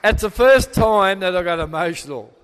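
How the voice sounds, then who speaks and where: An older Australian man gives a father-of-the-bride speech, his voice sitting a little high for a man. He rambles with fond fillers and restarts. The sound carries a long hall reverb. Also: animated, normal speed, a bit bright, clean tone, some chatter behind. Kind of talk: wedding speech.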